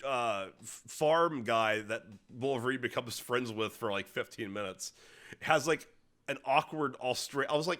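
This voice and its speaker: Bright-voiced rambling podcast man. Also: medium pitch, a little slow. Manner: rambling, stumbling restarts. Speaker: podcast co-host. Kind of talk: casual chat.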